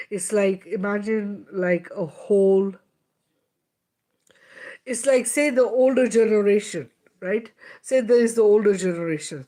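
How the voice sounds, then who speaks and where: A woman's voice: mid-range voice, a little mellow. A woman giving a spiritual healing talk in a casual, emphatic way, swearing freely, laughing, and often checking in with "right?". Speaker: spiritual teacher. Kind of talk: spiritual teaching monologue.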